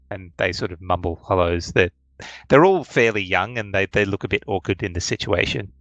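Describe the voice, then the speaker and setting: A man narrating a tabletop game as game master, halting and full of fillers. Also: deep voice, fairly bright tone, no room sound, dull audio.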